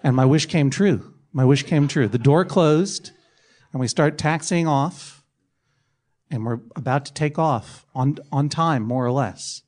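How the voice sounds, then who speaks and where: A man's voice: fairly high pitch, measured pace, a little mellow. A middle-aged man telling a comic anecdote on a podcast, self-mocking and laughing through it. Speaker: podcast guest telling a story.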